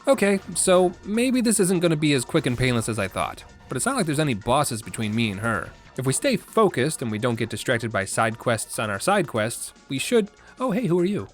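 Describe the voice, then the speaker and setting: A man's voice: medium pitch, sing-song, brisk, hardly any pauses, soft background music. A young man narrating a gameplay video with sarcastic, playful jokes. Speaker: gaming video host. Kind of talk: scripted comedic gameplay narration.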